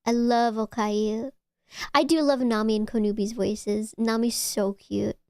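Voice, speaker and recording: A woman streams and chats casually with her audience, her voice sitting high. She gushes and stumbles into quick restarts. The sound is close and dry, with no room around it. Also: fairly even intonation, a little mellow, smooth, no room sound. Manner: chatty, stammering restarts, gushing. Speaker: VTuber streamer. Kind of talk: casual chat with live chat.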